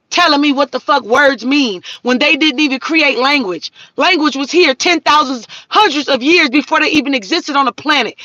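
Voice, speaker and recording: Woman, thirties, high pitched, dry, muffled sound, confrontational livestream rant. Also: expressive, normal speed, sharp tone, dry recording. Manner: profane, confrontational ranting. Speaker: livestream host. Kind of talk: ranting live stream.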